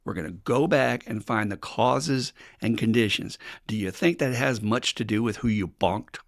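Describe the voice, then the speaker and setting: A man's voice: fairly low pitch, moderate pace, no echo, clean studio sound. An older man hosting a recovery podcast, speaking bluntly and plainly, swearing casually and acting out the voices of people he quotes. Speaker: podcast host.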